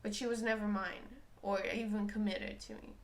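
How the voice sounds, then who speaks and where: A woman's voice: mid-range voice, fairly even intonation, normal speed. A woman talking candidly and emotionally about her own feelings, questioning herself as she goes. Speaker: spiritual reader. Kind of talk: personal reflective talk.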